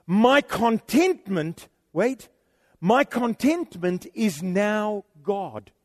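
Preacher, male, high and lively, big hall reverb, shouts his points. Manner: animated, preachy, swings from quiet asides to shouting. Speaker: pastor. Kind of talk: sermon.

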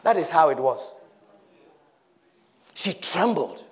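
A male preacher giving a dramatic sermon, repeating phrases and often shouting. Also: fairly high pitch, very animated, takes it slowly.

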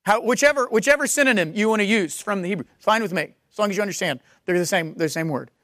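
A woman preaching a sermon, reading scripture slowly and repeating key words for emphasis. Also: medium pitch, a bit bright, dry recording, clean studio sound.

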